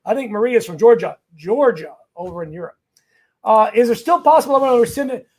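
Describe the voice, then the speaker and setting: A man with a strikingly high voice for his sex hosts a live question-and-answer stream as an immigration lawyer. He is energetic and chatty and greets viewers by name. He stresses his legal points emphatically, as if rallying a crowd. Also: fast talker.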